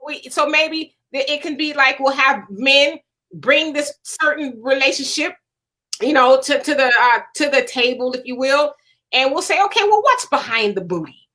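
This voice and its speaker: Lady host chatting away, high voice, bright and forceful, reads out comments from viewers. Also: fairly even intonation, normal speed. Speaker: show host. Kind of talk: casual panel chat.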